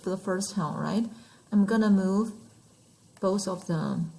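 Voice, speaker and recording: A woman's voice: mid-range voice, lively intonation, takes it slowly, gravelly, mellow, rough recording. A woman teaching numbers and tones in an online lesson, patient and demonstrating each sound aloud. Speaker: Mandarin teacher.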